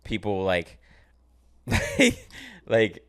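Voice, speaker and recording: A man's voice: fairly low pitch, huge pitch swings, extremely slow, a bit bright. A man hosting a casual podcast, telling laid-back, profane anecdotes and laughing at them. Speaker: podcast host. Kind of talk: casual chat.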